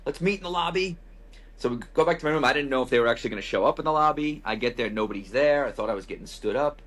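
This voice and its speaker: A podcast host races through a loose, profanity-laced travel anecdote, casual and wry, with lots of quoted asides. His mid-range voice is husky and a bit bright.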